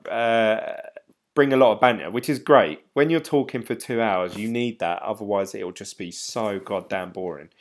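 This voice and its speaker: A middle-aged man from England, chatting casually to viewers on a live stream, rambling and laughing between ums. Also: lowish voice.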